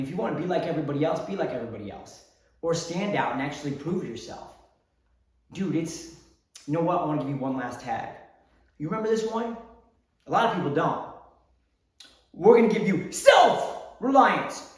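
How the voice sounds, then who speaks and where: A man voicing the Marine Corps as a brash male drill-sergeant figure who shouts and taunts. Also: on the high side. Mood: rousing. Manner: loud, taunting, shouting pep talk. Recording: very echoey room, from a distance.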